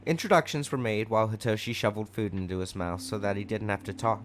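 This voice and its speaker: Guy reading fanfic out loud, casual, wry little asides, faint music under it. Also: fairly low pitch, fast talker. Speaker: fanfic narrator.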